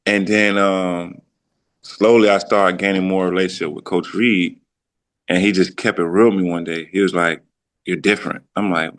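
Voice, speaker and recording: A man's voice: low-pitched, fairly even intonation, moderate pace, fairly bright tone. A man in his thirties, a podcast guest, talking loosely about his career, with frequent restarts and his own thoughts quoted aloud. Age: 30s. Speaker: podcast guest, former pro football player. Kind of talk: casual reflective storytelling.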